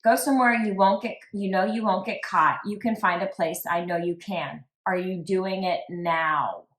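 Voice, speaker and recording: This true crime podcast host talks casually, her voice low-ish and her pace moderate. Reading text messages aloud, she keeps the quotes flat and fills the gaps with many "like" asides. The recording echoes as if in a roomy space.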